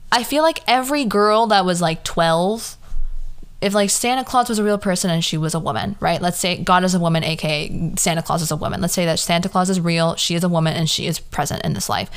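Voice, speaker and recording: Young woman, podcast host, casual comedic monologue, slangy, rhetorical questions, very lively pitch. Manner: chatty, rhetorical, full of slang and fillers.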